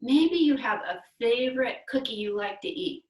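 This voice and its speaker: A woman's voice: on the high side, expressive, moderate pace, a little mellow, distant mic. Young female kids' yoga teacher, playful and encouraging, echoey room. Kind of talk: guided kids yoga instruction. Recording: echoey room, away from the mic.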